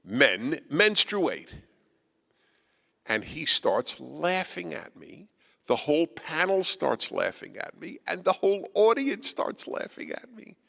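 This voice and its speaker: A man giving a speech to a live audience, emphatic and combative with a wry edge, his voice swinging between quiet asides and loud, pointed lines. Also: a little high, sing-song, unhurried, creaky. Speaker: guest speaker. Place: auditorium with an audience. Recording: reverberant hall.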